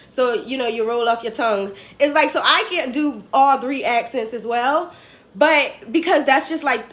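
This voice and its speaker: A woman's voice: sits high, fairly bright tone. A young adult woman with a New Jersey accent, hosting a casual political commentary livestream in a chatty, slangy, rambling way. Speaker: host.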